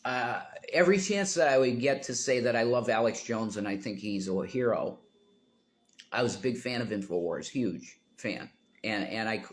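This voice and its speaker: A man talking to viewers on his livestream in a rambling, tangent-prone way, breaking into emphatic outbursts. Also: fairly low pitch.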